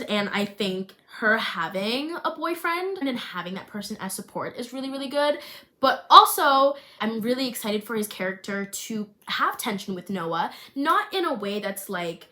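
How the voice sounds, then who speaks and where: A woman's voice: fairly high pitch, moderate pace. A young woman chatting casually about the story she is writing and reading from it with strong feeling. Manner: emotional, expressive, swings between hushed reading and excited chatter. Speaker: creator reading her screenplay draft. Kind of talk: casual chat and dramatic reading.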